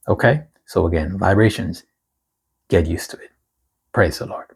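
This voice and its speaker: A man hosting a prophetic word channel, reading a prophecy aloud and commenting on it fervently, swinging from loud exclamations to hushed whispers and stretching out key words. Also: low-pitched, vocal fry, husky. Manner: slow, drawn-out emphasis on key words.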